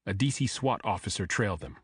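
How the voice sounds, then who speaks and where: A man narrating a thriller audiobook in a steady, measured reading. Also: lowish voice, slightly rough, no room sound, clean studio sound.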